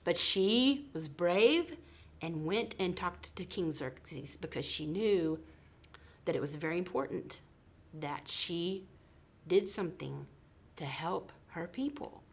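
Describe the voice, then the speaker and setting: A woman preschool teacher telling a story to young children, slow and expressive, often dropping into soft whispers. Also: fairly low pitch, slightly rough.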